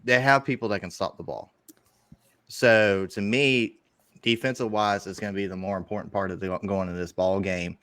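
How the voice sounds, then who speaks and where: A young man co-hosting a sports podcast, giving measured predictions with some restarts. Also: lowish voice, fairly even intonation, a bit bright, no room sound. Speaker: podcast co-host. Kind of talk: casual sports analysis.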